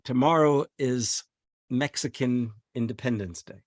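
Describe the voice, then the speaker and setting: A man's voice: mid-range voice, a little slow, no room sound. Brief: male guest, chatty and rambling, dry close sound. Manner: chatty, searches for words mid-sentence. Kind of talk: casual chat.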